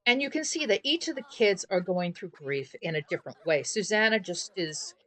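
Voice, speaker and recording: A woman's voice: medium pitch, animated, normal speed, fairly bright tone, dry recording, low-quality recording. A woman hosting a gaming channel, chatting casually through a life simulation game in loose run-on sentences. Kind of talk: life simulation gameplay commentary.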